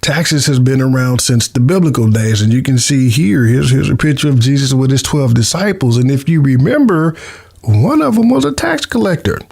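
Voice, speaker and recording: Man, tax preparer, casual lesson, friendly, mid-pitched voice. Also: expressive, normal speed, creaky, darkish tone, husky. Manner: friendly, repeats words, chuckles at his own jokes. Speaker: tax preparer teaching a video series.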